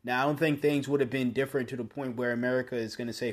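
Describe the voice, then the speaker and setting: A man hosting his own podcast, speaking in a blunt, opinionated monologue that often restarts mid-sentence and rises into forceful bursts. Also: medium pitch, fairly even intonation, racing, hardly any pauses. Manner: conversational with frequent restarts. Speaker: podcast host.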